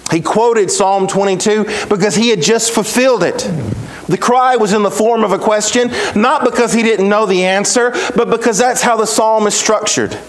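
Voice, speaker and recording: A man preaching a sermon as pastor, with emphatic repetition and dramatic pauses. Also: high-pitched, low-quality recording.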